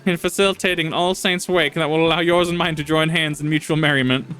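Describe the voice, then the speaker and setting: A man's voice: a little high, steady tone, fast, pushed and bright, faint music behind, voice pushed up, poor audio. Dude doing a scheming pumpkin witch in a pompous villain voice, no attempt at a lady voice. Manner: pompous, sly villain voice instead of a female voice. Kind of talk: reading game dialogue aloud.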